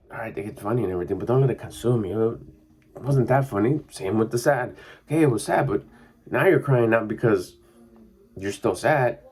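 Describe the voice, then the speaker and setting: This middle-aged mindset coach has a medium-pitched, darkish voice with a breathy edge. He rambles conversationally through a loose monologue, leaning on fillers again and again.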